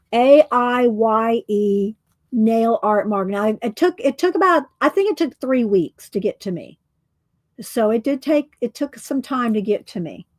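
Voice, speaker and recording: A woman's voice: a little high, animated, a little slow, dry recording. A woman chatting casually on a livestream, short of breath and exclaiming as she reads viewer comments. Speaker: livestream host.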